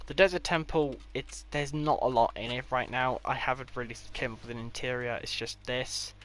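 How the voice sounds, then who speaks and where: A man's voice: mid-range voice, fairly even intonation, moderate pace, a bit bright, a little hiss or hum. A man giving a casual, rambling tour of his game builds, with offhand delivery and dry sarcastic asides. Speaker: gaming creator.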